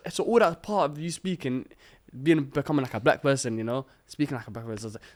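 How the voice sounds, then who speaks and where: Fast-talking podcast host. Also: male voice, mid-range voice. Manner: enthusiastic, repeats "you know" and "man". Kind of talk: casual podcast interview.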